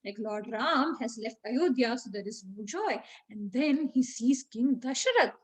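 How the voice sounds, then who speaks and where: A woman's voice: fairly high pitch, lively intonation, a little slow, poor audio. A woman, teaching children by retelling a story in a chatty way, with many fillers and questions to the class.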